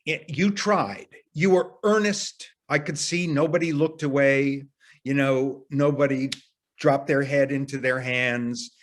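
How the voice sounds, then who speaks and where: A workshop leader teaches an arts group in a casual, earnest voice, restarting sentences now and then as he thinks aloud and using the odd mild swear. His voice is medium-pitched and steady, a touch slow.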